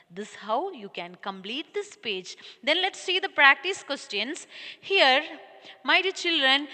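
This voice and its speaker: A woman teacher with an Indian English accent, giving a slow, sing-song lesson to young children. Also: a little high, pushed and bright, in a large hall. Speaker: primary school teacher. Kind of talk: recorded online class lesson.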